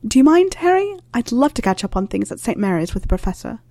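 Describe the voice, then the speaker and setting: A woman's voice: a little high, big pitch swings, quick pace, warm tone, dry recording, voice pushed up. Hermione Granger, a woman doing an eager young student.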